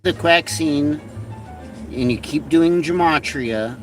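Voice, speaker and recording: A man's voice: fairly high pitch, takes it slowly. Profane mocking man ranting off-mic. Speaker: livestream host. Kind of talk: satirical rant. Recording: distant from mic, faint music.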